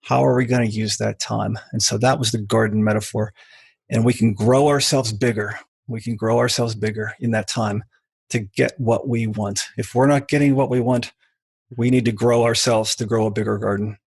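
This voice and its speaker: Gravelly, husky middle-aged man telling stories. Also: lowish voice, moderate pace, no room sound. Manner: animated storyteller who mimics voices in quoted anecdotes. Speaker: author guest. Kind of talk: podcast interview, storytelling.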